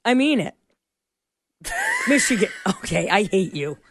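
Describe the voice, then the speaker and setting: A woman's voice: mid-range voice, very animated, a little slow, a loud crowd. A woman co-hosting a radio show in casual chat, rambling and searching for words as she goes. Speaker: radio co-host. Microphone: studio microphone.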